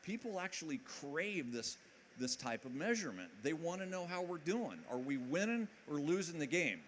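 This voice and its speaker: A man's voice: fairly high pitch, normal speed, slight background noise. Upbeat man giving a conference talk. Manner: energetic, jokey, keeps asking the audience questions. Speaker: conference speaker. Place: conference hall with live audience.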